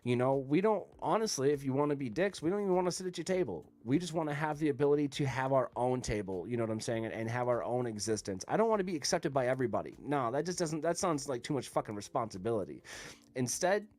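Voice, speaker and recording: A man's voice: medium pitch, animated, fast, darkish tone. A man hosting a podcast, talking in a blunt, rambling, profane way. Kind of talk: casual chat.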